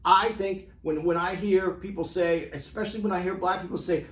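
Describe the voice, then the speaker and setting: A man's voice: sits high, moderate pace. A man co-hosting a podcast, pushing back hard in a political argument with emphatic restarts. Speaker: podcast co-host. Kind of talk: heated political debate chat. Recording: roomy echo.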